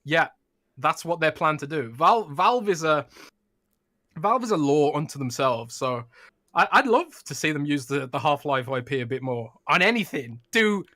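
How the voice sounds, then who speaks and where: A man with a bright, slightly high voice, co-hosting a gaming podcast in a jokey, easy-laughing way. His sentences often trail off quietly, on a dry, close recording. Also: expressive, moderate pace, no echo. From United Kingdom. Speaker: podcast co-host, games writer. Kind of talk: casual podcast chat.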